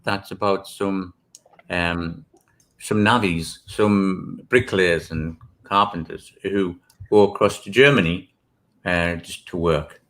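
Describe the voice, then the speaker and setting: A man from Britain with a fairly low voice, talking in a loose, rambling way. He circles back on his words and fills gaps with asides as he tells stories to a host. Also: steady tone, takes it slowly, fairly bright tone. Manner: rambling, many restarts and "you know"s. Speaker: author and guest. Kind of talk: casual interview chat.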